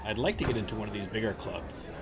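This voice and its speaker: A man's voice: lowish voice, fast talker. A man from southern Ontario with a Canadian accent, chatting casually and self-mockingly while playing a game. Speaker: let's play host. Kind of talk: casual gameplay commentary. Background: game music.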